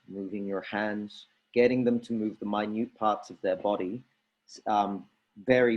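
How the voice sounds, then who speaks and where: A man leading a drama workshop for teachers, coaching lively and demonstrating vocal warm-up drills. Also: fairly low pitch, highs cut off.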